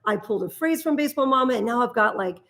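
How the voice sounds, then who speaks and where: A woman's voice: on the high side, animated, quick pace, fairly bright tone. A woman hosting a casual live stream, explaining design ideas in a chatty way with frequent laughs. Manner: chatty, laughs easily, restarts when explaining. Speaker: host.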